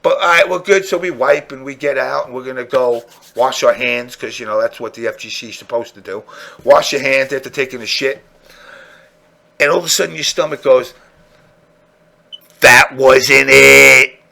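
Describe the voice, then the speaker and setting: Casting: lively male podcast host, gravelly and bright, vulgar comic storyteller. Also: mid-range voice, brisk. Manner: crude, animated, acts out dialogue. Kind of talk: comedic storytelling.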